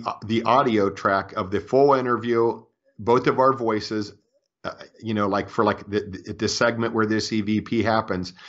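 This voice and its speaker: A fairly low-pitched man speaks as a guest author, earnest and convinced, often stumbling and restarting mid-sentence. The audio sounds dull and lo-fi. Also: a bit bright. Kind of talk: earnest storytelling interview.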